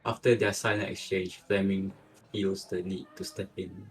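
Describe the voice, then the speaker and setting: A man narrating a story in a steady, measured way. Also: low voice, rough recording.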